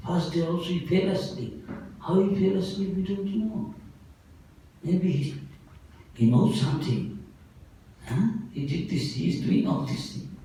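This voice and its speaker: A man's voice: sits high, unhurried, pauses often, warm tone, a little hiss or hum, voice pushed up. A man doing frightened whispering robbers. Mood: fearful. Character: frightened band of male robbers. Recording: echoey hall, voice from far off.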